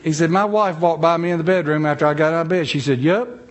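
Folksy North Carolina man, higher voice. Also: fairly even intonation. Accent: North Carolina Southern. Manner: folksy, self-deprecating, drawn-out syllables. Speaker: speaker giving a talk. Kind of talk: humorous storytelling talk.

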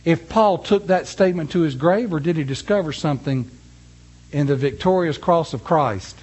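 A man preaching a sermon, reading scripture slowly and emphatically, then telling a folksy story to his congregation. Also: a little high, a little mellow, slightly rough.

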